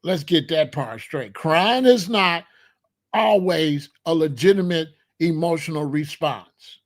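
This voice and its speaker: Host, male, higher-pitched voice, emphatic rhetorical delivery, casual talk. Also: animated, slow. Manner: emphatic, rhetorical, repeats points. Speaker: commentary host. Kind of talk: casual spoken commentary.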